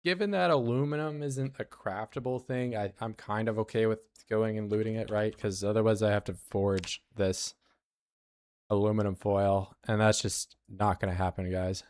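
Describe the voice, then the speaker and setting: An American game streamer chats and jokes with his audience while playing a video game. His voice sits on the low side, darkish and steady, at a moderate pace, with no echo.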